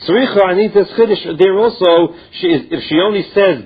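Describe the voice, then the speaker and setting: A man's voice: high-pitched, a little fast, few pauses, slightly rough. A man teaching a Talmud class, reading Aramaic phrases and explaining each one in plain English. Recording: dull lo-fi recording.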